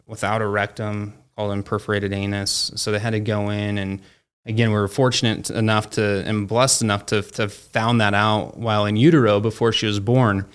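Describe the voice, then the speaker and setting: A company founder appears as a guest, casually telling a story full of fillers like "like" and "you know," and he acts out the quoted dialogue. His voice is fairly low, level in tone, a little fast, clear and resonant.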